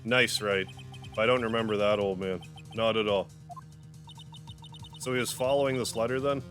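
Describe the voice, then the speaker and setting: A man's voice: on the low side, steady tone, moderate pace, fairly bright tone, faint music behind. A man playing through a visual novel, reading lines and making wry joking asides. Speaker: gaming YouTuber. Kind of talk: let's play commentary and reading.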